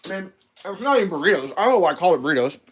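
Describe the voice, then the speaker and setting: A man's voice: high voice, sing-song, rapid-fire, a little hiss or hum. A man vlogging casually while cooking in his home kitchen, rambling and chatting with his dog.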